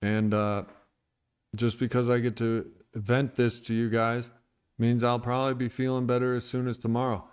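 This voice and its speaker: A man's voice: mid-range voice, little pitch movement, moderate pace, clear, resonant tone. A man talking candidly and bluntly about his recovery on a livestream, irritated and venting with profanity. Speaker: recovery streamer.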